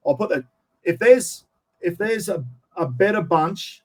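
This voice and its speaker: A man's voice: high-pitched, animated, measured pace, darkish tone. An Australian man chatting casually as an interview guest, telling long rambling stories and saying "mate" all the time. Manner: rambling storyteller, says "mate" constantly.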